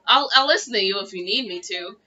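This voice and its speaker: A young woman chatting on a casual podcast with friends, earnest and quick to get teary. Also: medium pitch, expressive, bright, forceful tone, highs cut off. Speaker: podcast co-host. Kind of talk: casual chat among friends.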